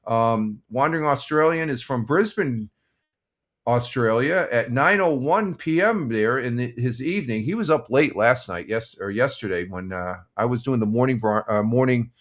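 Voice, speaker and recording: A man's voice: mid-range voice, moderate pace. Older guy on a morning stream, easygoing, lots of ums and uhs, reading scores and chat. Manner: relaxed, rambling, many fillers and restarts. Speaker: live stream host. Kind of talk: casual morning chat reading sports scores and viewer comments.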